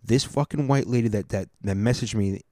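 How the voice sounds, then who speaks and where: A man's voice: on the low side, a little fast, mellow, dry recording, studio quality. A man ranting on his vlog, swearing heavily and stumbling over his words as he reads messages aloud and argues with them. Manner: swears a lot, stumbles and restarts when worked up. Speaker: vlogger. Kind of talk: profane heated rant.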